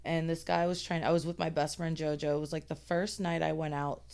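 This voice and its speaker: A woman's voice: deep voice, level tone, fairly quick, vocal fry, darkish tone, clear, resonant tone. A woman guest on a podcast, speaking frankly about her life with sarcastic asides and frequent restarts. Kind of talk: candid podcast conversation.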